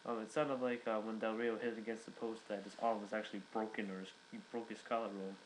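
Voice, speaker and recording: Young male reviewer, rambling casual recap, low monotone voice. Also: fast talker, slight background noise, rough recording. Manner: rambling, many fillers and restarts. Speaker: wrestling reviewer.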